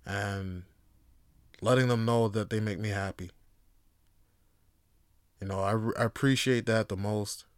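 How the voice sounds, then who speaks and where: A man's smooth, resonant voice in a dry, close recording. He rambles through a casual solo podcast, swearing freely and leaning on filler words. When something gets him going, he turns loud and animated. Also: lowish voice, measured pace, pauses often, dry recording. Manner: loose, rambling and profane, with lots of fillers. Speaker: podcast host.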